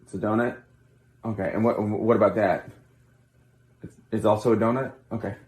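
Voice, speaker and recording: A man playing a weary, awkward male politician in a comedy sketch, halting and mock-cheerful with despairing asides. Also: on the low side, steady tone, darkish tone, natural voice. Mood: miserable awkward. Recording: roomy echo.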